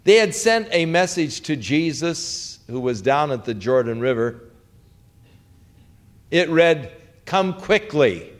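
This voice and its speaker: A man preaching a sermon, slow and dramatic, with rising questions and hushed quotes. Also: on the high side, expressive. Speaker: pastor.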